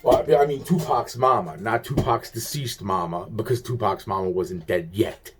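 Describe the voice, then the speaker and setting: A man's voice: lowish voice, normal speed, background noise. A man telling a long personal story in a rambling monologue, full of swearing and restarted sentences. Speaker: vlogger recounting personal events.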